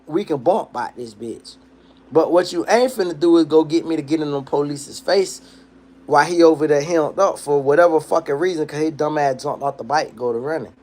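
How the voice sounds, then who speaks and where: A young man tells a long street story on his livestream, loose and profane. His voice sits a little high, and he acts out the other people in the story as he goes. He talks straight into a streaming mic. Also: animated, fast, darkish tone. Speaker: livestream host. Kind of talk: casual storytelling.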